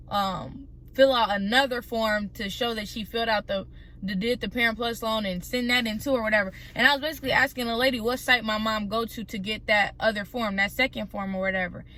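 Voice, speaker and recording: Animated, indignant young woman vlogger. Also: on the high side, a little fast. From Tennessee. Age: young adult. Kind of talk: mukbang storytime rant.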